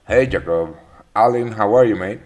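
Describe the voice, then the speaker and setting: A man's voice: on the low side, normal speed, a little mellow. A man hosting a live trading webinar, chatting casually, greeting viewers by name with many fillers and restarts. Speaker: trading session host.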